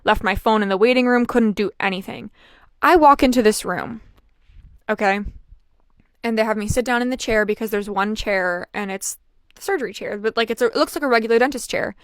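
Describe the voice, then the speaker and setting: A young woman chatting casually as she tells a personal story, with lots of fillers and an animated delivery. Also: fairly high pitch, a little fast, clean tone, no echo, studio quality. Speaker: vlogger.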